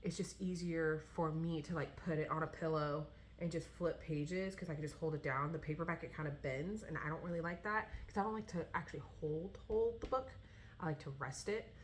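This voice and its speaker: A woman in her thirties talks casually with a low-pitched voice. She rambles, stops and restarts, and fills her pauses with um and like. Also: slight background noise. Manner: rambling, with many fillers and restarts. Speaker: vlogger talking about books. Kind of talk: casual chat.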